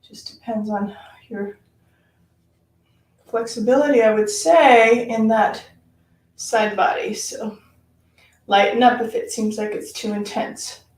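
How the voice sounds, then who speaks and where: A woman teaching a live-streamed yoga class, giving slow, calm cues between audible sighs and sounding a little out of breath as she demonstrates. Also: a little high, slight background noise. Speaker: yoga instructor. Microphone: camera mic at a distance. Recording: echoey room, voice from far off.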